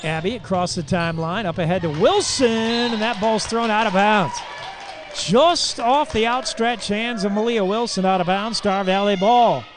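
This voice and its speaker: On local radio, a male play-by-play announcer calls a high school girls basketball game as it happens. His calls are quick and excitable, turning to shouts for big plays, with folksy comments aimed at listeners.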